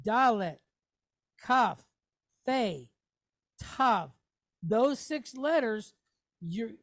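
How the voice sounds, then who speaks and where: A woman teaching a classroom lesson, patiently walking through letters and checking in with her students. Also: medium pitch. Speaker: Hebrew teacher.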